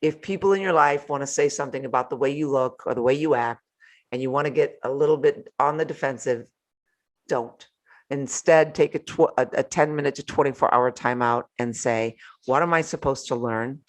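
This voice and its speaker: Speaking in a brisk bass voice, this older woman hosts a motivational talk live from home. Her delivery is lively and playful, with frequent laughter between points.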